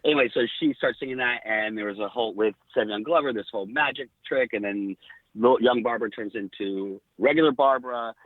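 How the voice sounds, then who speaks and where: A middle-aged man, a podcast guest, telling lively backstage stories with quoted dialogue. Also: medium pitch, fairly quick, dry recording. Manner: animated anecdotes with quoted dialogue. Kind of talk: casual storytelling. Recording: tinny phone-like line.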